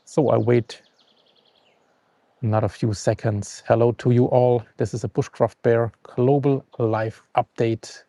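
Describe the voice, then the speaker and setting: Man, calm outdoor live-stream host, warm dark tone, dry close sound. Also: mid-range voice, no room sound. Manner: calm, unhurried, reads out viewer greetings. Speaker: outdoor vlogger hosting a live news update. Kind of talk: casual live stream chat and news reading. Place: outdoors at a forest camp on the coast.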